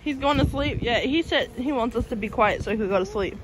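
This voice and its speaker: A woman's voice: a little high, a little fast. A young woman vlogging on a farm, playful and laughing, cooing at the animals, filmed on a handheld camera. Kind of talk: casual vlog narration. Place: outdoors on a farm. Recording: noisy outdoor farm recording.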